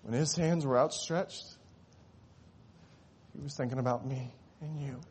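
A man preaching a sermon, telling a story and rising to impassioned cries before dropping to hushed, tender tones. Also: medium pitch, measured pace, slightly rough. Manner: swells to impassioned shouting at climaxes, drops to hushed tones.

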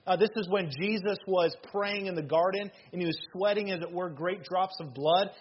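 A man in his thirties preaching a sermon as pastor, earnest and emphatic, with sudden loud bursts. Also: sits high, normal speed, muffled recording, a little hiss or hum.

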